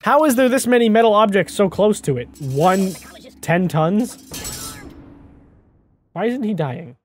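A man hosting a gaming video, giving excitable let's play commentary and talking to the game character as he plays. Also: high voice, unhurried, slight background noise. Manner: excitable, talks to the game character, often exclaims. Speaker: gaming channel host.

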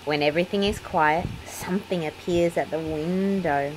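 A woman reading a children's picture book aloud in an expressive storytelling way. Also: fairly low pitch, moderate pace, noisy background.

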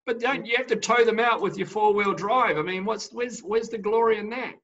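A winemaker chatting casually over a video call, telling stories and jokes with a laugh. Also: male voice, high voice, brisk, a crowd in the background. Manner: relaxed storyteller, laughs through his jokes. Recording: muffled lo-fi video call audio.

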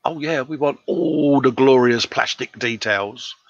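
A man's voice: mid-range voice, a little slow, no echo, dull audio. A man co-hosting a live stream, casually chatting and reading out viewer messages in a jokey, friendly way. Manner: chatty, reads viewer comments aloud in a jokey tone. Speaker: livestream co-host reading chat. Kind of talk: casual chat. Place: home workshop.

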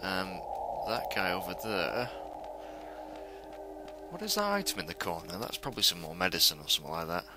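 A young man commentating a stealth video game for viewers, excitable and swearing as he plays. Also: deep voice, moderate pace. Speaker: gamer playing a stealth game. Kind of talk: let's play commentary. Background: game music.

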